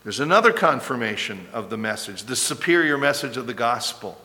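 A man preaching a sermon as pastor, emphatic and insistent, slowing and rising to stress key words. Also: medium pitch, big pitch swings, bright, forceful tone. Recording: long hall reverb.

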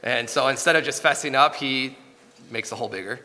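A man in his thirties preaching a sermon, telling a family story in an earnest, halting way with frequent restarts. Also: mid-range voice, sharp tone, big-room sound.

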